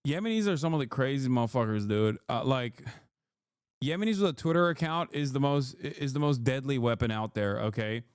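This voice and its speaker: A man's voice: medium pitch, animated, brisk, clear, resonant tone, no echo, clean studio sound. A man livestreaming a reaction to news, ranting angrily with heavy swearing and mocking jabs at his critics. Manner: heated, profane, mocking. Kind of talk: angry political rant.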